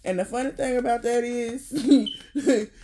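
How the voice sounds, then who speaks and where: A vlogger in a casual rant to camera, blunt and profane, often laughing, dropping to low mutters then bursting out loud. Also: steady tone, a little slow, slight background noise.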